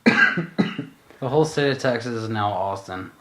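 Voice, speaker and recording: A man's voice: lowish voice, brisk. A man co-hosting a podcast in casual chat, musing and rambling with lots of fillers and swearing. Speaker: podcast co-host.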